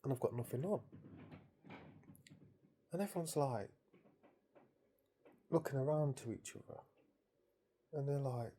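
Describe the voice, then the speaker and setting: A man's voice: mid-range voice, unhurried, long pauses, dark tone, slight background noise. A man casually recounting a dream to his viewers, amused and rambling, with frequent restarts. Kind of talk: casual storytelling.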